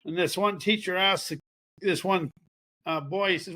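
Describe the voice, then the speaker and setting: A man's voice: high-pitched, normal speed, pushed and bright. A man giving a rambling, folksy motivational talk about personal growth, sometimes acting out what others say. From American Midwest farming region. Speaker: self-help speaker.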